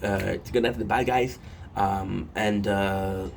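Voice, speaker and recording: A man's voice: deep voice, fairly even intonation, measured pace, vocal fry, slight background noise. A man casually recapping a show episode on his phone, rambling with many fillers and restarts and swearing often.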